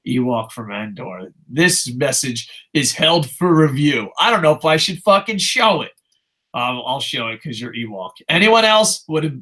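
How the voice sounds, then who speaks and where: Profane ranting man, high voice. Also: sharp tone. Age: adult with a child. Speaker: podcast host. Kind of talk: casual wrestling talk.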